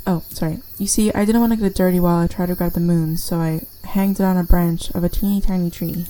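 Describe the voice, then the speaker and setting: A chatty, folksy old man who has been stuck up a tree for years rambles on in a mellow, warm voice while spinning odd tales. A woman reads the part aloud during a game playthrough, in close to her own voice. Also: lowish voice, steady tone, fast talker, natural voice, poor audio. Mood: rambling. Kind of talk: reading game dialogue aloud.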